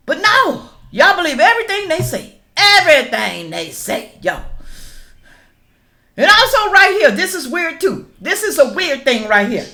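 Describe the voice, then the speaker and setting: Animated woman vlogger. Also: very high-pitched, measured pace. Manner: animated, addresses viewers as y'all. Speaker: reaction vlogger. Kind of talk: casual commentary to viewers.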